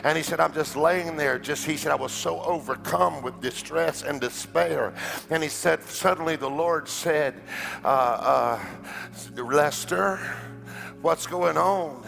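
A man preaching in a large church, his voice rough and gravelly. He tells a story and climbs to a fervent shout. Music plays clearly behind him. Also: on the high side, unhurried. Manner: storytelling, builds to shouting climax. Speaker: pastor. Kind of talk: sermon.

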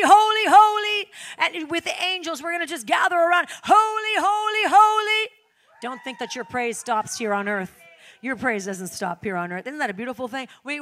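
Woman preaching with rising fervor. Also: fairly high pitch. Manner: builds from quiet talk to loud, shouting praise. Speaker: pastor. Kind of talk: sermon.

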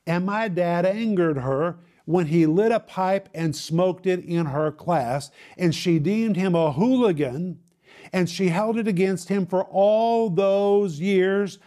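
A man preaching, telling his own story dramatically, with quick bursts and slow, emphatic lines. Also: high voice, dark tone. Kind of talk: sermon testimony storytelling.

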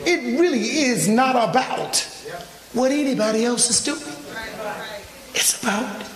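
A man preaching a sermon, telling a personal story in an animated way and acting out his own phone calls. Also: extremely high pitch, measured pace. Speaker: pastor. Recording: echoey church hall from far off.

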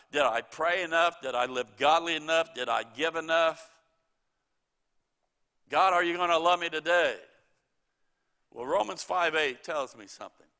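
A man's voice: on the high side, vocal fry, pushed and bright. A middle-aged man preaching a sermon, quoting scripture and telling folksy stories with chuckles.

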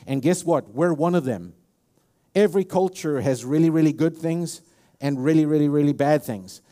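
A man's voice: fairly high pitch, normal speed, mellow. South African man preaching a sermon. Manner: repetitive, emphatic, with many restarts. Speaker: pastor.

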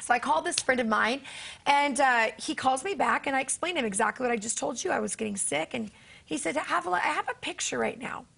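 A woman author and preacher speaks on a faith talk show, her voice high with a gravelly rasp. She tells her stories earnestly and acts out each quoted exchange. Her talk has a warm, conversational pull. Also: expressive, fast talker. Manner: earnest storytelling, acting out dialogue.

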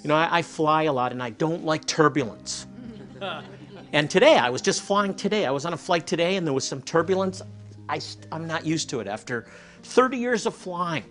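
A man preaching a sermon, telling stories and dropping to a soft hush for emphasis. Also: on the high side, lively intonation, normal speed. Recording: faint music behind.

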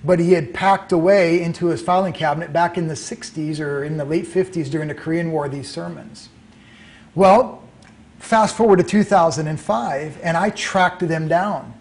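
This is a middle-aged man recounting a personal story in an interview. His voice sits a little high for a man. He tells it animatedly and slips into the voices of the people he quotes. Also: moderate pace. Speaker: author and guest.

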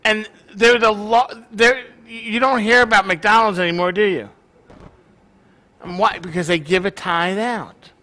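Bright high-voiced male pastor. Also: fairly even intonation, unhurried. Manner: joking, conversational preaching. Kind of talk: sermon.

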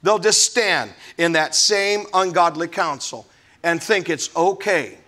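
A male pastor delivers a sermon in a high, bright, forceful voice. He preaches with emphasis and drops in folksy asides. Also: slow pace.

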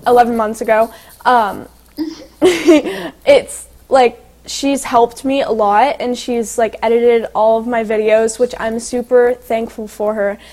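A teenage girl chatting in an interview, telling excited stories full of "like" and "um". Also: a little high, slow pace. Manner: chatty, filler-heavy, excitable storytelling. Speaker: guest, young singer and actress. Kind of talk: casual interview chat.

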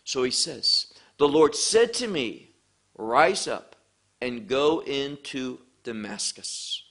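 A man preaching a sermon, teaching from scripture with slow, emphatic phrasing. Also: medium pitch, animated, a bit bright.

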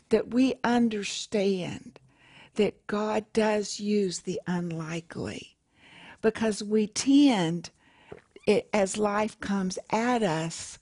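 A woman co-hosting a Christian program, speaking in a measured, affirming way as she discusses scripture. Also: medium pitch, darkish tone, breathy edge. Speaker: co-host. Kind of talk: conversational Bible discussion.

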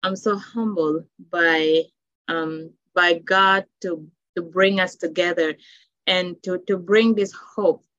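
A woman from Africa speaks about her children's book with deep emotion, often stopping and restarting her sentences. The recording sounds dull and lo-fi, with a dry, close feel and no room echo. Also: steady tone, fairly bright tone. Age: adult with children. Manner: emotional, halting, many restarts. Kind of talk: heartfelt interview talk.

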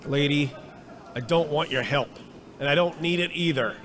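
An actor playing a vicious, contemptuous convict in a radio drama. He sneers and threatens in rough slang, his voice pitched a little high for a tough man. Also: moderate pace, a bit bright, lightly acted. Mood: sneering menacing. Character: vicious hardened male convict, contemptuous bully.

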